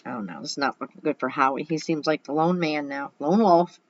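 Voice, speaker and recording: A young woman with a low, dusky voice reads a children's chapter book aloud, breaking in with playful little asides. The sound is muffled and lo-fi, like a home recording. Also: fairly quick, no room sound. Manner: chatty, playful asides between passages. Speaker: storybook reader.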